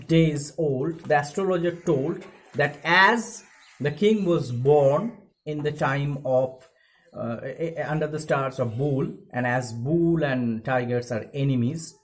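Heard in poor audio, this man's voice is on the high side with a darkish tone. An English teacher with an Indian accent, he reads a story passage aloud for his students and then paraphrases it, frequently using fillers, in a recorded lesson explaining the literature text.

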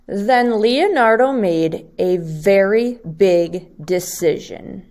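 Teacher lady reading a picture book to kids, slow and sing-songy. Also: mid-range voice. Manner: slow, expressive storytelling.

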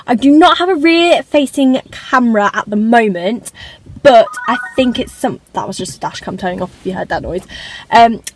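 A teenage woman talks casually from the seat of her parked car. Her voice sits a little high, and she drifts off on tangents, adding self-conscious little asides as she goes. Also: lively intonation, normal speed, soft background music, rough recording. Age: teens. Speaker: vlogger. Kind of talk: casual car tour vlog.

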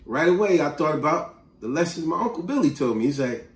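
A man tells a story in an animated, slangy way, his fairly high voice swooping up and down a lot. The sound is roomy and echoing, with the mic set some way off. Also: brisk, far from the mic. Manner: animated, street-slang storyteller who breaks into asides and acted quotes. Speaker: vlogger. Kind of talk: casual storytelling to camera.

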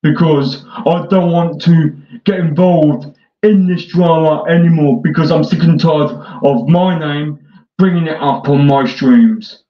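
A man delivering a mocking parody rant in a sarcastic, taunting way, swinging between whiny and gruff. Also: on the high side, measured pace. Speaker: online troll. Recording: echoey dull lo-fi room.

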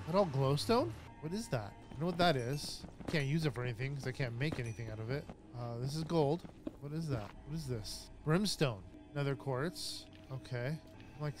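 A man casually narrating his own gameplay, chatty and jumpy, easily startled and quick to laugh at himself. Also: a little high, slight background noise. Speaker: gaming YouTuber. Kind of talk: casual let's-play commentary.

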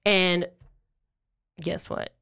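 A woman hosting a podcast, casually telling a true-crime story in an animated way and acting out quotes in playful voices. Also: fairly low pitch, drawn-out words, smooth. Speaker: podcast host.

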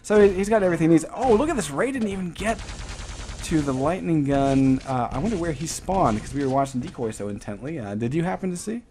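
A man's voice: fairly high pitch, animated, fast, warm tone, slight background noise. A man casting a live video game match with play-by-play commentary, jokey and prone to rambling tangents. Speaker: esports caster.

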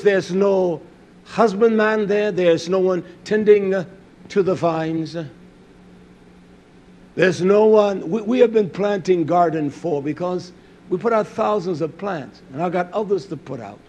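An older man preaching a sermon in a fiery, scolding way, swinging from loud outbursts to low, quiet stretches. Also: measured pace.

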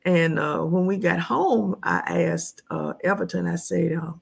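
This is a woman from the United States chatting as a guest. Her voice sits low, with a gravelly, husky texture. She tells stories in a lively way and laughs often. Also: measured pace. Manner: animated storyteller, laughs often. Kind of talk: casual conversation, storytelling.

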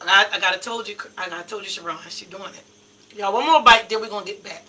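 A woman's voice: mid-range voice, fast talker, bright, forceful tone, recorded from a distance, poor audio. A woman radio host, chatting live and laughing a lot as she tastes food and greets listeners. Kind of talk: casual live tasting chat. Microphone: handheld mic.

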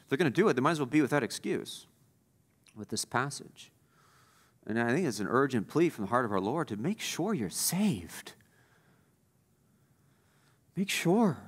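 Preaching as the pastor, a medium-pitched man speaks emphatically, repeating key phrases. He swings between loud stresses and quiet asides.

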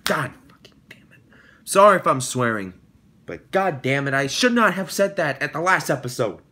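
A man's voice: fairly high pitch, very animated, moderate pace. Young guy ranting on his vlog. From United States. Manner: rants loudly, swears, dramatic outbursts. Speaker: YouTube show host. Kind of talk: casual vlog monologue.

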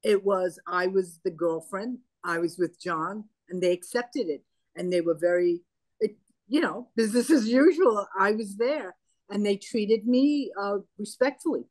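An older woman with a medium-pitched, darkish voice speaks unhurriedly, with no echo. As an interview guest, she tells stories from the past in a conversational, anecdotal way, acting out the dialogue.

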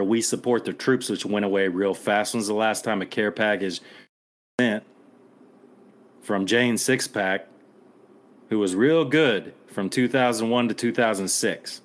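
A man's voice: fairly low pitch, measured pace. Angry, blunt middle-aged man. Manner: angry, blunt, swears, rallying listeners. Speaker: podcast co-host. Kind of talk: impassioned podcast commentary.

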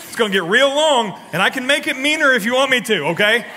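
A man preaching a sermon as pastor, telling stories with animated swings between loud punchy lines and quiet low ones, and prodding the congregation for responses. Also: quick pace, long reverb tail. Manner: talks directly to the congregation, prodding them for responses. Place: church sanctuary.

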